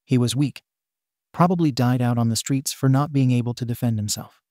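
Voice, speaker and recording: A man's voice: mid-range voice, fairly even intonation, a little fast, a little mellow, no echo, studio quality, lightly acted. A man voicing a stern, proud older male hero who coldly dismisses his son in a fan fiction reading. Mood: dismissive. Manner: cold, dismissive, harsh.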